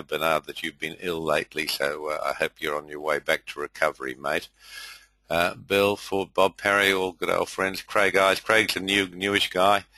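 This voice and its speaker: A man's voice: deep voice, bright, forceful tone, no room sound, poor audio. An older man hosting a webcast, welcoming listeners in a rambling, friendly way full of fillers. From India. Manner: rambling, many fillers, friendly roll call. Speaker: host. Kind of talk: casual webinar welcome.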